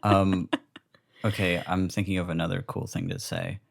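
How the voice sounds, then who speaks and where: A man with a fairly low voice co-hosts a casual comedy podcast. He rambles through bits, swears freely and giggles between lines. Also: big pitch swings, moderate pace, gravelly. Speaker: podcast co-host.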